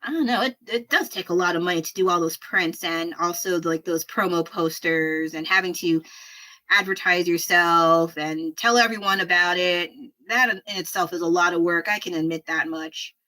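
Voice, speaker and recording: Her fairly low voice is bright and forceful, at normal speed, though the recording quality is poor. She's an artist in her thirties livestreaming while painting, rambling and poking fun at herself as she chats with viewers.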